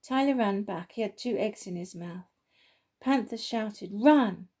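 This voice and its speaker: Warm-toned woman narrating a children's story, gentle and homely. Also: medium pitch, a little slow. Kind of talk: reading a children's story aloud.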